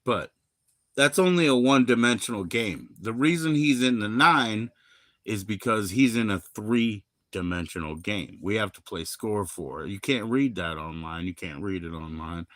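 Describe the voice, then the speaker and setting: This is a middle-aged man from Maryland chatting on his livestream, wandering between topics and swearing freely. His voice sits on the low side, and it is captured dry with no room sound. He flares up loud, then sinks back to a mumble. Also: animated, moderate pace, no echo. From Maryland, USA. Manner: rambling, profane, loud bursts then mumbling. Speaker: livestream host. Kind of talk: rambling casual livestream chat.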